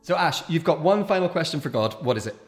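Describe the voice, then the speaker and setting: A man's voice: a little high, lively intonation, fast, echoey room, soft background music. A man hosting a podcast, giving short reactions and wry prompts in casual chat. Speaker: podcast host.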